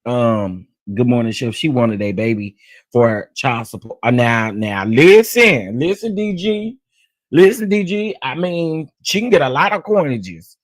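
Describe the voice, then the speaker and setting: His mid-range voice has lively intonation and a measured pace as he hosts a celebrity gossip channel. He talks right to his viewers, calling them "y'all," in casual, sassy commentary full of repeated phrases for emphasis, with no room sound.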